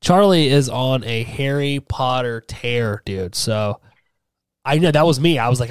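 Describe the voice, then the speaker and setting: A man's voice: medium pitch, animated, moderate pace, dry recording, studio quality. A man hosting a horror podcast, telling rambling family stories in casual chat and acting out what his kids said. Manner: rambling storyteller, acts out family quotes. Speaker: podcast host.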